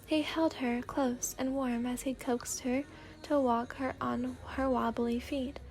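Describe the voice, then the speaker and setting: Casting: woman narrator, gentle soft ASMR fanfic reading, slightly high voice. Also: fairly even intonation, slow pace, soft background music.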